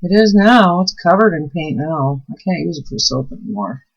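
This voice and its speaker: A woman's voice: sits low, big pitch swings, normal speed, creaky, husky. A woman chatting casually while making soap, telling stories and easily delighted. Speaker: soap maker and channel host. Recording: dull, muffled recording.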